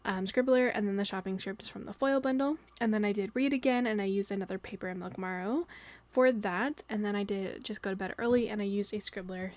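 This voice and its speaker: A woman's voice: mid-range voice, brisk, no echo. A young woman in her twenties, a planner vlogger, chatting casually in a rambling, giggly voice-over full of fillers.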